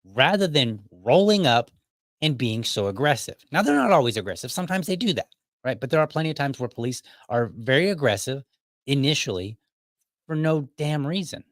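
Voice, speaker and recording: Man, podcast host, casual monologue, wry storytelling, mid-pitched voice, dry close sound. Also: big pitch swings, a little fast, dry recording.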